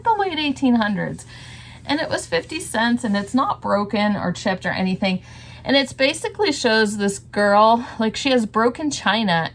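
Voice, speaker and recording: A woman's voice: mid-range voice, fairly bright tone. A woman reseller chatting casually about her thrift store finds, rambling and laughing often. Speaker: reseller vlogger. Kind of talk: casual thrift haul chat.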